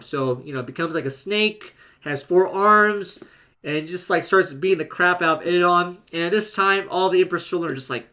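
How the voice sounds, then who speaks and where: High, bright-voiced man rambling casually. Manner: rambling, heavy on filler words. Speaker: book reviewer. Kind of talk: casual book review.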